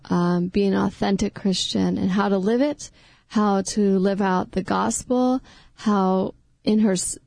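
A woman speaking as a guest on a Catholic talk show, slow and gentle, with pauses. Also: mid-range voice, vocal fry, no room sound. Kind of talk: faith talk.

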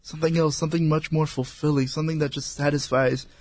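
A man's voice: a little high, level tone, fast, darkish tone, no echo. Earnest encouraging male guest. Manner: earnest, encouraging, repeats words. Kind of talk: faith testimony talk.

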